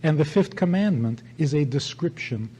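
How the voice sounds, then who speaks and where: A man's voice: on the high side, expressive, normal speed, dark tone, slight background noise, poor audio. An older man, a rabbi, giving an emphatic sermon-style talk and telling a story with repeated phrases.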